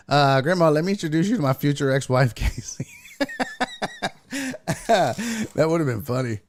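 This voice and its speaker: A man's voice: a little high, lively intonation, moderate pace, vocal fry. A man hosting a sports stream, telling a story with lots of cursing and quoted voices. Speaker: sports show host. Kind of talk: casual livestream chat and storytelling.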